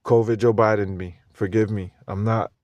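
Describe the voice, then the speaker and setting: A man's voice: fairly low pitch, steady tone, normal speed, darkish tone, dry recording, highs cut off. A tired man giving a profane, slang-heavy, meandering crypto monologue, with brain fog and many restarts. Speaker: crypto commentator. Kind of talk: rambling monologue.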